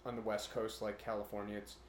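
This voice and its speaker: Low-voiced man rambling in an echoey room. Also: little pitch movement, fast talker, a little hiss or hum. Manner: rambling, jumps into brief imitation voices. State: a bit nervous about recording. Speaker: podcast co-host. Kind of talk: casual chat.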